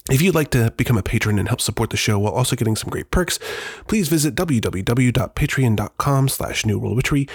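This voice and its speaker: A man's voice: mid-range voice, breathy edge, dry recording. A man hosting a podcast, reading a scripted introduction and a folktale with a dry, playful delivery. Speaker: podcast host. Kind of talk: scripted narration.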